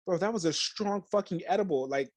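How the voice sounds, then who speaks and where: A man's voice: high-pitched, brisk, no room sound. A young man co-hosting a podcast, chatting casually and acting out quotes as he tells a story, swearing freely and using lots of slang. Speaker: podcast co-host. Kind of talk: casual chat.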